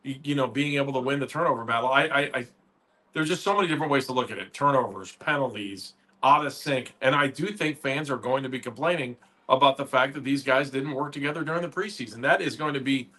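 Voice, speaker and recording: A man's voice: mid-range voice, quick pace, pushed and bright. A man co-hosting a sports radio show, rattling off points about the game and firing questions, with stammered restarts. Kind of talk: casual sports talk.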